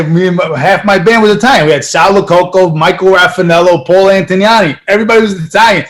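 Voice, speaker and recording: A man's voice: high voice, fast talker, hardly any pauses. A man from New York, a guest musician, telling stories in a casual interview with frequent swearing. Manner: profane, animated storyteller.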